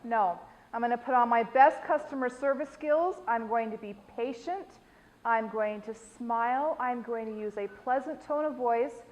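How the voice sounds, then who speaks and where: A woman's voice: on the high side, normal speed, long reverb tail, rough recording. An American woman leading a dementia care training class, explaining techniques and quizzing the group with questions.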